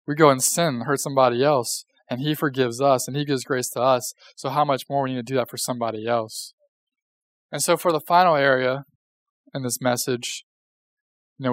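A young man preaching a casual, conversational sermon, joking and asking the audience questions. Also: medium pitch. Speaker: pastor.

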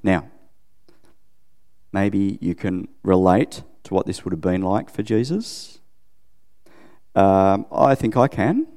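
A man's voice: low voice, lively intonation, takes it slowly, pauses often, mellow, long reverb tail. A middle-aged Australian man preaching a casual, conversational sermon, often checking in with his listeners and poking fun at himself. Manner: chatty, self-deprecating, asks listeners questions.

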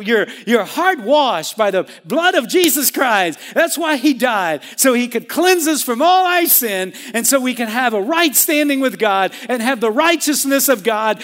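High-pitched preacher guy, fervent sermon, lots of come on and amen, big echoey church. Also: fairly bright tone. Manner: emphatic, rising to fervent calls. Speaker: pastor. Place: church sanctuary. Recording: reverberant church hall.

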